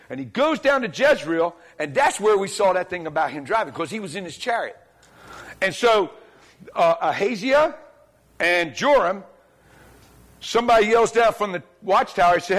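Animated high-voiced male preacher. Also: moderate pace. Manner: animated, colloquial storytelling that acts out dialogue. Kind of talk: sermon. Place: church, speaking before a congregation.

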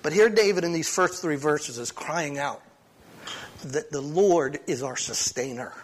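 A pastor reading a psalm aloud and then preaching a short sermon at a church service, talking conversationally with frequent restarts. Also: male voice, fairly high pitch, a little slow, a little hiss or hum. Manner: conversational, with frequent restarts and sudden swings in loudness.

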